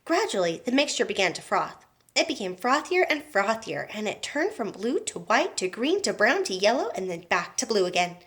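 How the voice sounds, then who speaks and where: A woman teacher reading a children's book aloud to young students, in an expressive storytelling manner. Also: medium pitch, normal speed.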